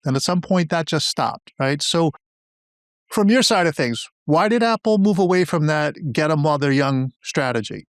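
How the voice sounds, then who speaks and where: Relaxed male podcast host, dry close sound. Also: on the high side, normal speed, dry recording. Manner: relaxed, reflective, rambling questions with fillers. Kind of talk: casual interview.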